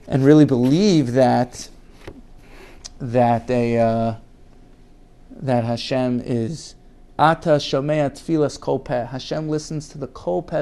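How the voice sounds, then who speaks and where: A man's voice: medium pitch, a little mellow. Earnest man teaching a Torah class. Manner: earnest, repeats words for emphasis; reads Hebrew quotes aloud and then translates them.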